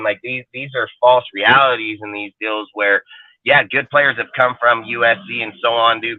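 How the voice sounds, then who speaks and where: With a medium-pitched voice, this co-host of a sports fan podcast roundtable goes on an emphatic, profanity-filled rant during the heated discussion. The audio is dry and narrow like a phone, with no echo.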